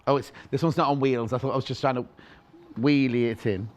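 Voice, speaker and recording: Recorded on a clip-on mic in a TV studio, the audio sounds muffled. A British man with a steady, mid-range voice talks fairly quickly as he presents on a live shopping channel, ribbing his co-host and listing fabric prices in playful chat.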